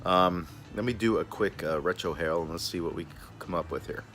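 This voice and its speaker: A laid-back man with a very deep voice chats his way through a cigar review. He is casual and friendly and keeps referring to himself in the third person. He is recorded outdoors in a backyard, with faint music in the background. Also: a little fast, a bit bright. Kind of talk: casual vlog talk.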